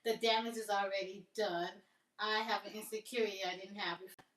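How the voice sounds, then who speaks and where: A woman's voice: medium pitch, steady tone, brisk, fairly bright tone. A woman chatting casually on a live stream, rambling and amused by her own jokes. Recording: roomy, distant from the mic.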